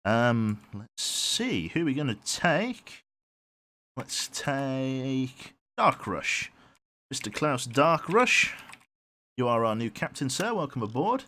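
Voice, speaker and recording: Male game streamer, lively and rambling, hums while thinking, reads chat aloud. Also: medium pitch, a little slow. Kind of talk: live gameplay commentary.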